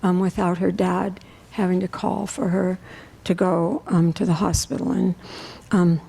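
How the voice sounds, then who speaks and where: A woman, a science teacher, telling a personal story at a worship service in a halting way with many fillers. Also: on the low side, level tone, vocal fry, mellow, husky, rough recording. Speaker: lay speaker sharing a reflection.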